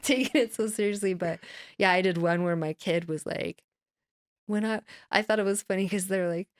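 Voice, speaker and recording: A woman's voice: fairly low pitch, fairly even intonation, moderate pace, clear, resonant tone, dry recording, studio quality. A middle-aged woman in a casual interview, talking in a rambling, self-deprecating way and laughing often. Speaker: guest musician.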